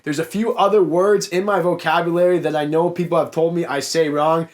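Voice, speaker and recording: Man, Canadian accent, Niagara, young adult, car salesman vlog host, casual Q&A, frank and chatty, slightly high voice. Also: fairly even intonation, a little fast. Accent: Canadian, Niagara Ontario. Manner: frank, chatty, addresses viewers as guys. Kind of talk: casual Q&A answering viewer comments.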